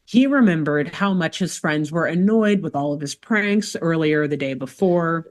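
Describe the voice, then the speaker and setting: A woman hosting a casual podcast, walking her co-host through a cartoon episode scene by scene. She tells it in an animated way, tossing in playful asides as she goes. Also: sits low, moderate pace. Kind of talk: casual chat.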